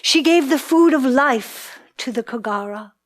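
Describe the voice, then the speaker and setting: A woman's voice: high voice, animated, unhurried. A woman telling a myth in a ritual storytelling performance, in a dramatic, incantatory way.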